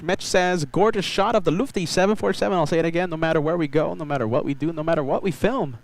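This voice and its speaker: A man's voice: a little high, no room sound, low-quality recording. A man hosting an outdoor live stream from a beach, chatting upbeat and repeating his phrases as he reads viewer messages. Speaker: livestream host. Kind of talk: live spotting stream commentary.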